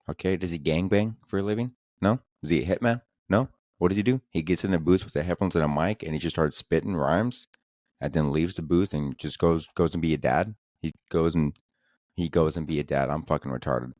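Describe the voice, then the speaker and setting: A man's voice: extremely low pitch, darkish tone, no room sound, clean studio sound. A young man hosting a solo comedy podcast, talking in a crude, sarcastic, rambling way. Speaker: podcast host.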